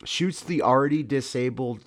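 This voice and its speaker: A man's voice: medium pitch, moderate pace. A man co-hosting a podcast who talks casually and bluntly, swearing and cutting in to add to the story. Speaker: podcast co-host. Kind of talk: casual chat.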